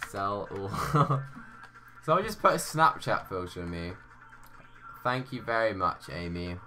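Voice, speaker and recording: A man's voice: low voice, bright, forceful tone. Chatty young male game streamer. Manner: chatty, reads viewer chat aloud and answers it. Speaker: live streamer. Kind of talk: casual gaming live stream chat.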